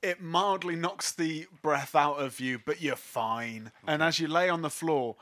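Bright-voiced game master. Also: male voice, fairly high pitch, a little slow. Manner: lively narration, laughing often. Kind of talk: narrating a tabletop game.

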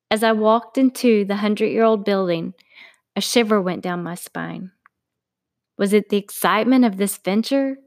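A woman, author and narrator reading her own story in a friendly, chatty way. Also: medium pitch.

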